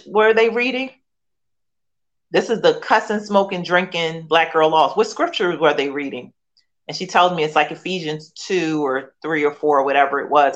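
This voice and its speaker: Her voice sits low and a bit bright as this author, a guest in her forties from Philadelphia, USA, recounts her personal testimony. She speaks earnestly and emotionally, often restarting and saying you know.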